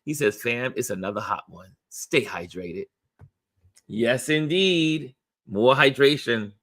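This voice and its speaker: A middle-aged man hosts a casual morning live stream and reads viewer comments aloud. His pitch sits in the middle of the range but swings widely and sing-song. He talks chattily and repeats his phrases. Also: lively intonation, slow pace, a bit bright. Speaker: host of a daily live stream. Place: New York.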